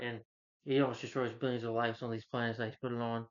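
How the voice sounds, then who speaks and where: A man's voice: mid-range voice, little pitch movement, quick pace. A man casually recapping a movie plot, rambling and filling with "like" and "you know.". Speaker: movie reviewer. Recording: dull lo-fi recording.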